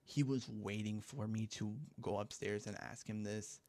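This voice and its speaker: Young dude w a dark gravelly voice, rambly story time on a headset mic, lots of likes and ums. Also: male voice, fairly low pitch, fairly even intonation, normal speed, no echo. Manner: rambling, profane, lots of fillers. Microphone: gaming headset mic.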